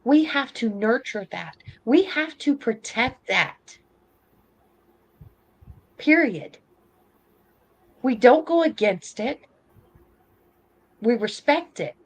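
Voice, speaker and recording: A woman's voice: on the high side, lively intonation, slow pace. Heated woman in her fifties, ranting. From United States. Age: 50s. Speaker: podcast host. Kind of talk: political opinion talk.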